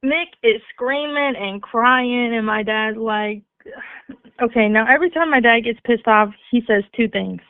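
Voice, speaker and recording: A young woman co-hosting a casual family podcast, telling a story with lively energy and some swearing. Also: fairly high pitch, a little slow, dry recording. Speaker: podcast co-host. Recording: tinny phone-like sound, dry.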